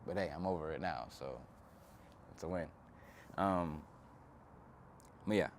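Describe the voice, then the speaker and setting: An earnest young man talks through a self-help vlog in a casual, reflective way, with slang. His voice sits very low. He is outdoors, and faint traffic hums behind him. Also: a little slow. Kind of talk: casual motivational talk to camera.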